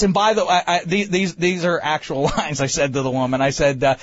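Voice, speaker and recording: A man, host of a talk show, telling a comic story in an animated, self-mocking way with many stammering restarts. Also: a little high, brisk, few pauses, muffled recording. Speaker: podcast host.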